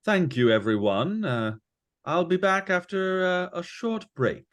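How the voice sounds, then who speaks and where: A man's voice: high-pitched, expressive, unhurried, fairly bright tone, voice pushed up. A man doing a posh, flustered young bard. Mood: polite. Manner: stammering, flustered.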